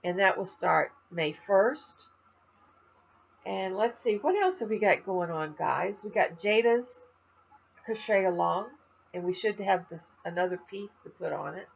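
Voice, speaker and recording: A woman's voice: medium pitch, lively intonation, a little slow, vocal fry, highs cut off. An older woman from Florida, a crafting vlogger, chatting in a rambling, tired, slightly stuffy way to her viewers. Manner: rambling, chatty, trails off with fillers. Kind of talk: rambling casual chat to viewers.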